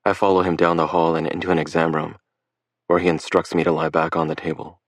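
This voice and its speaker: A man reading a first-person story aloud in an even, measured way. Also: low-pitched. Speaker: audiobook narrator.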